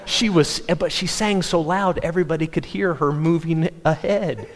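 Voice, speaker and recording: A man preaching a sermon, telling stories animatedly with quick restarts. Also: on the high side. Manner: animated storytelling, self-interrupting restarts. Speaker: pastor. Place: church sanctuary. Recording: long hall reverb.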